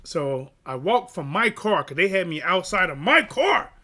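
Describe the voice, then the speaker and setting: Boxing channel guy telling his own story, high bright voice, keeps saying right?. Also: normal speed. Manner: animated, emphatic retelling with repeated "right?". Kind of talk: casual storytelling rant.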